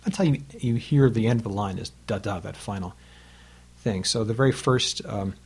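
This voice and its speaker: Husky-voiced man explaining Latin verse. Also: lowish voice, moderate pace. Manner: patient, explanatory, taps out rhythms aloud. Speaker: Latin teacher. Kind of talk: recorded lesson on Latin poetry.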